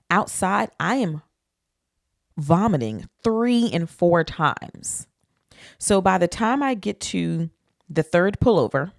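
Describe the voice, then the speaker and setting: A young woman podcast host, telling a story in an animated, profane, casual way. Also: sits low, dry recording, studio quality.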